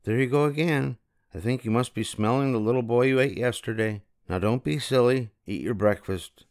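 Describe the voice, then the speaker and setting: A man's voice: mid-range voice, moderate pace, a little mellow, clear, resonant tone, no echo, clean studio sound, voice pushed up, lightly acted. An older man voicing a large giant's wife who scolds her husband in a lilting, chiding way. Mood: scolding. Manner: chiding, sing-song.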